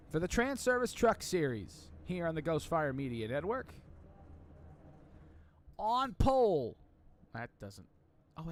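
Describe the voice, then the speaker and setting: High-voiced excitable man calling a race. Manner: energetic, chatty, builds hype at the start. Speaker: sim racing commentator. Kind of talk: play-by-play race commentary.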